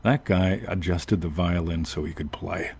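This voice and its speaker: A man's voice: low-pitched, steady tone, normal speed, creaky, a little mellow, husky. A man hosting a show, telling a long personal story in a rambling casual way and often asking "right?". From United States. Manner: rambling, self-interrupting, frequent "right?". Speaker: podcast host.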